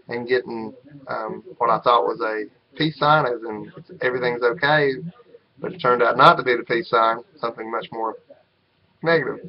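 A man's voice: mid-range voice, lo-fi sound. A middle-aged man with a North Carolina accent, talking unscripted to the camera in a rambling, hesitant way, full of ums and restarts. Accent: North Carolina Southern US. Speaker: vlogger.

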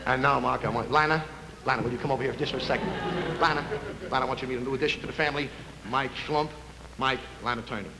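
An actor playing a pompous, smooth-talking male movie studio boss in a live 1949 television sketch, mumbling through legal jargon. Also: fairly even intonation, very fast, a loud crowd, natural voice. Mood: oily. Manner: low, oily, slurred legal mumbling. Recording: hissy echoey early TV kinescope.

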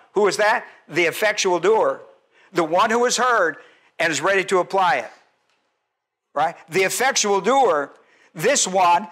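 A male pastor preaching an expository sermon, animated and quizzing his congregation, sometimes dropping to a soft low voice for emphasis.

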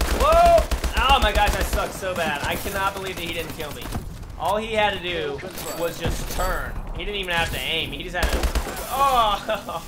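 Excitable high-voiced man gaming commentary. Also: noisy background. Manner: excitable, yelps and laughs at big plays; joking, trash-talking opponents. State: tired from travel. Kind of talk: live gameplay commentary. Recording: music playing behind.

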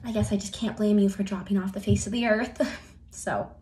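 A woman's voice: mid-range voice, fairly even intonation, brisk, darkish tone, close to an everyday voice. An actress playing a bubbly young woman influencer hosting a live stream. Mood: subdued. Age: young adult. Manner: bubbly, gushing.

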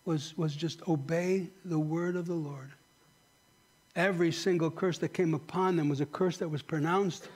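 A male pastor preaching with passion, his high voice climbing on pointed questions before falling to a near-hush. The delivery is a fervent sermon, by turns urgent and sorrowful. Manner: impassioned preaching, rising to emphatic high questions then dropping soft.

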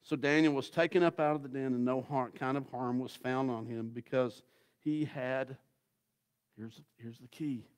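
A man preaching a sermon as guest pastor, telling the story in a folksy, dramatic way that swings from loud to hushed. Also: medium pitch, steady tone, normal speed, smooth.

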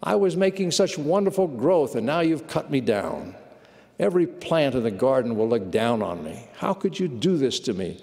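A man's voice: medium pitch, big pitch swings, normal speed, mellow, big-room sound. A man voicing a hurt, self-pitying talking currant bush in a plaintive, complaining tone.

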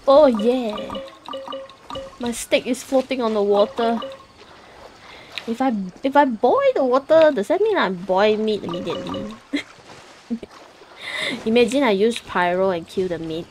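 A woman's voice: medium pitch, noisy background. A young woman streaming a game, chatting casually in a playful, giggly way with squeals and silly sound effects.

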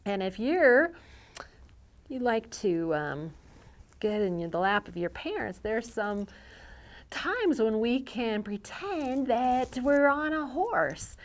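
A woman hosting a storytime for young children, reading picture books aloud with an expressive, animated delivery. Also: on the high side, takes it slowly. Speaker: children's librarian.

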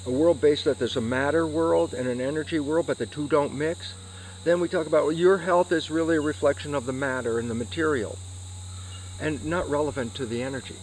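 A man's voice: fairly high pitch, a little fast, slight background noise, poor audio. A man, an interview guest, explaining science and acting out his own questions and answers. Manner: animated, acts out questions and answers to himself.

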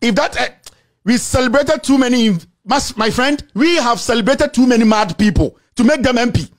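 A man with a Ghanaian accent delivering an angry, insulting rant to the camera, repeating himself and shouting. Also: very high-pitched, expressive, moderate pace. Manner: shouting, insulting, repetitive tirade. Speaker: political commentator.

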